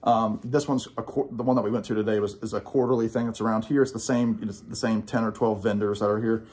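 A man's voice: fairly low pitch, steady tone, fast, darkish tone. A young man chatting casually and rambling enthusiastically, with lots of fillers, about records he bought. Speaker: guest record collector.

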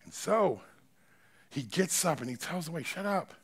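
A male pastor preaching a sermon in a church, swinging between loud, forceful preaching and quiet, close talk in casual, slangy phrasing. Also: fairly high pitch, lively intonation, moderate pace, husky. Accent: Southern American.

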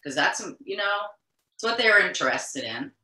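A woman's voice: on the low side, very animated, normal speed, sharp tone. A middle-aged woman from Quebec, a guest in an interview, recounting events earnestly and insistently, often circling back and restarting her sentences. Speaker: interview guest, mother of the deceased. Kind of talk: emotional recounting in conversation. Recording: echoey room.

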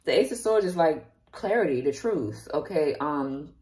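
A woman's voice: deep voice, animated, moderate pace, mellow. A woman giving a casual tarot reading straight to her viewers, chatty and openly emotional. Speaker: tarot reader.

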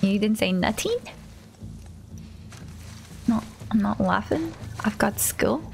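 A woman's voice: mid-range voice, animated, slow, creaky, faint music behind. A woman streamer giving casual commentary on her game and chatting with viewers. She often drops into a whisper while sneaking. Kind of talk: casual let's-play commentary.

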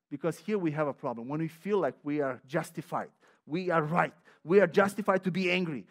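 A man with a notably high voice delivers a sermon as a pastor. He leans hard on repeated words and restarts his sentences as he presses each point. He also drops into chatty personal asides. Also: a little fast. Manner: emphatic and repetitive, with frequent restarts; conversational, personal asides with light laughter.

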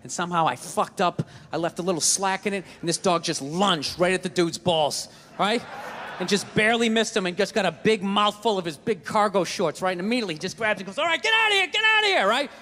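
Stand-up comic guy, high voice, animated storyteller, reverberant hall. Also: a little fast, slight background noise. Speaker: stand-up comedian. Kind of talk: stand-up comedy set.

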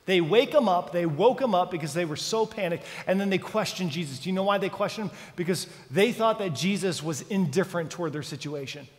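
A man's voice: sits high, expressive, brisk, hardly any pauses. A man preaching a sermon as pastor, dramatic and full of questions to the congregation. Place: church sanctuary. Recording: church hall reverb.

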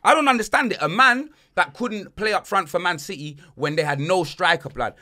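A man hosting a casual banter podcast, slangy and animated, swinging between loud and soft. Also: sits high, fairly quick. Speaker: podcast host.

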